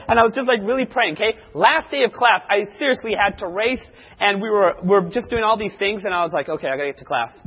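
A man with a somewhat high, husky voice tells a testimony from the pulpit, acting out every voice in his story. His sermon echoes with a long hall reverb, heard through a dull, lo-fi recording. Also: animated, quick pace. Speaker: preacher.

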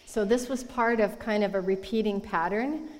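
A woman sharing a testimony as co-speaker at a conference, emphatic and warm. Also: mid-range voice, normal speed. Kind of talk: testimony talk. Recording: long hall reverb.

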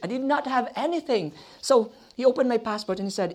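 A man's voice: very high voice, lively intonation, a little fast, a little mellow. A man telling a testimony in a sermon, calling his listeners friends and laughing as he goes. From Philippines. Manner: storytelling, addresses audience as friends, laughs often. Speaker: preacher.

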